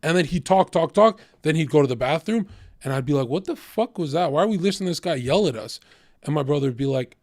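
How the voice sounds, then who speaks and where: A man's voice: high voice, expressive, quick pace, a little mellow, no echo, clean studio sound. A man hosting a podcast, telling stories bluntly and swearing freely. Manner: blunt, profane storyteller. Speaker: podcast host. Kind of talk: casual podcast chat.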